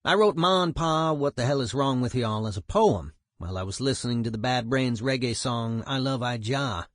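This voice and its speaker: A man's voice: medium pitch, lively intonation, moderate pace, dry recording, studio quality, natural voice. A man voicing a streetwise male punk musician, telling a story in a profane, emphatic way. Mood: animated.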